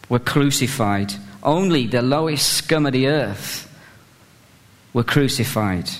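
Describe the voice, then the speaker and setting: In a large hall, a British man with a mid-range voice preaches a humorous sermon. He's conversational and self-mocking, uses many fillers, and builds to fervent emphasis.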